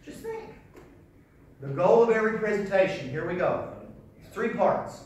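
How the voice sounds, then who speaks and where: A man teaching a live sales seminar in a folksy, animated way, repeating his key phrases. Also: high voice, normal speed, a little hiss or hum. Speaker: sales trainer. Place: large echoey hall. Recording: echoey hall, voice from far off.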